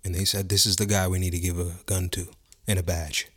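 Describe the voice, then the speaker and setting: A man's voice: low-pitched, little pitch movement, brisk, fairly bright tone. A man in casual podcast chat, laid-back and adding dry remarks.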